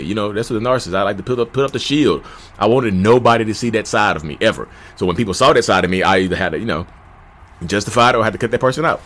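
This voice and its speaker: A man in his thirties hosting a podcast, telling his own story in a candid, conversational way and calling his listeners "y'all". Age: 30s. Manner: jumps to shouting pitch when reenacting arguments. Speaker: podcast host. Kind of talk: personal storytelling monologue.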